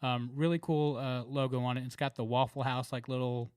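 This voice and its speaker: A man's voice: mid-range voice, level tone, a little fast, a little mellow, clean tone, dry recording. A man with a Southern American accent co-hosting a podcast, chatting casually with laughs and lots of fillers. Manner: laughing, rambling, filler-heavy. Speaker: podcast co-host. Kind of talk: casual chat.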